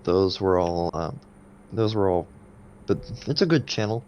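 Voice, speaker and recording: A man's voice: low-pitched, animated, a little slow, a little mellow, dull audio, a little hiss or hum. A young man co-hosting a casual podcast, rambling and laughing, often stopping to restart his sentences. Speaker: podcast co-host. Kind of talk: casual chat.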